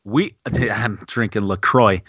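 A man's voice: on the low side, slow, bright, forceful tone, husky, no room sound. A man hosting a podcast in casual chat, laughing easily and tripping over words. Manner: laughing, stumbling, easygoing. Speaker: podcast host. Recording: dull dry lo-fi sound.

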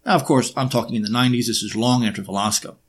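A man giving a lecture-style monologue, often pausing on fillers and throwing in sarcastic rhetorical questions. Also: mid-range voice, breathy edge. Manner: frequent filler hesitations.

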